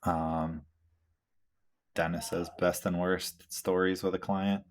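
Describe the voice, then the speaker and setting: A laid-back man chatting on a tattoo podcast. His voice sits very low and stays fairly flat. He rambles loosely, leaning on filler words and dropping the occasional curse. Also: takes it slowly, slight background noise. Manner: reads out listener questions. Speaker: tattoo artist and podcast host. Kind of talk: casual chat.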